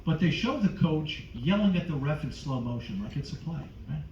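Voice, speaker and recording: A male comedian doing a stand-up set on a cruise ship stage, teasing the crowd loudly, with sudden jumps in pitch. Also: animated, normal speed. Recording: echoey, distant, dull with crowd noise. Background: audience noise.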